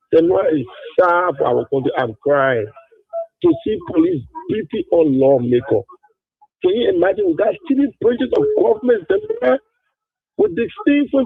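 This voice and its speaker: This is a man phoning in to a talk show, his rather high voice gravelly and roaming widely. He pleads emotionally and stacks rhetorical questions. The line is narrow and phone-like. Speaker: caller. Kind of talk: impassioned call-in commentary.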